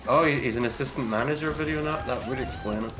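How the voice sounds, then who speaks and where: A man's voice: medium pitch, quick pace, over music. A man in a game's voice chat, chatting with short remarks and questions. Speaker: player in voice chat. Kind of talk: casual gaming chat. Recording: echoey room mic.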